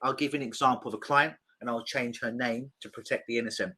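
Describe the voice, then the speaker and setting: A man, a clinical hypnotist, telling a client story as a guest in an expressive, lively conversational way, often repeating words as he starts a sentence. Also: medium pitch, quick pace, breathy edge.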